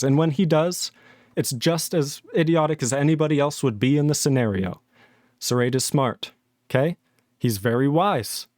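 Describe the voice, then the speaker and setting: A man's voice: fairly high pitch, darkish tone, dry recording, clean studio sound. A man hosting a live stream, angrily arguing with his chat and swearing a lot. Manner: angry, profane, arguing with chat. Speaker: livestream host.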